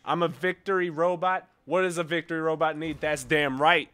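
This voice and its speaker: Young man, gaming commentary, high bright voice, mutters then yells, profane and boastful. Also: steady tone, normal speed, smooth. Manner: swings from low mutters to loud triumphant yelling; profane, boastful, self-mocking. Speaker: gaming streamer. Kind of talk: excited gameplay commentary.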